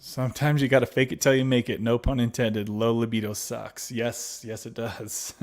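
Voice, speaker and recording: A man with a medium-pitched, somewhat dark voice speaks at a moderate pace with flat delivery. Hosting a casual livestream, he reads viewer comments aloud and answers them, laughing often. He's friendly, calling his viewers buddy and babies.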